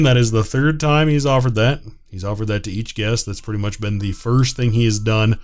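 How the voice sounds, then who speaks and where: A man playing a visual novel and giving hesitant asides between the lines he reads. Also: on the low side. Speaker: video game player. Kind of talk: let's play commentary.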